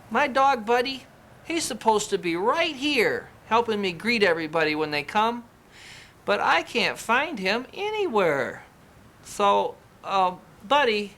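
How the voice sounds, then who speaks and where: A man speaking as a farmer who presents to children, cheerful and animated, explaining farm animals outdoors. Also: sits high. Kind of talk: scripted children's educational presenting.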